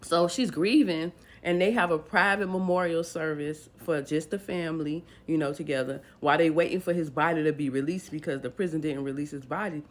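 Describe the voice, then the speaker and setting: A woman's voice: deep voice, a little fast, hardly any pauses. A woman retelling a dramatic true story in a casual storytime way, animatedly acting out the people's lines.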